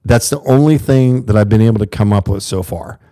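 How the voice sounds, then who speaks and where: Earnest low-voiced man livestreaming. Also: a little fast, mellow. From USA. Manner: earnest, rambling, talks to chat viewers. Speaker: livestream host. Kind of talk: casual livestream monologue.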